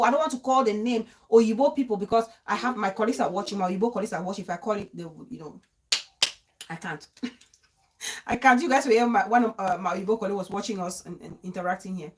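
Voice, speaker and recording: Animated woman hosting a live show. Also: on the high side, brisk. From Cameroon. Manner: animated, laughs often, frequent restarts. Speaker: talk show host. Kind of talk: live-stream talk show, reading viewer comments.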